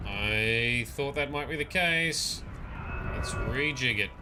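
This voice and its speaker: A man's voice: medium pitch, expressive, takes it slowly, noisy background. Man joking through live gameplay commentary. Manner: casual and joking, reads chat messages aloud. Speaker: livestreamer. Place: at a gaming PC. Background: game music.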